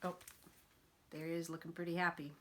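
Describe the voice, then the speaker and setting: A woman librarian reading picture books aloud to young children, gentle and expressive. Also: fairly low pitch, brisk, a little hiss or hum. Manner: gentle, expressive storyteller for toddlers.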